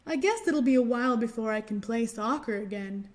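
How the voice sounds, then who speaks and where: A woman's voice: a little high, animated, a little fast, a little mellow, natural voice. A woman voicing a young boy turtle, nervous but brave, speaking in a small wobbly voice.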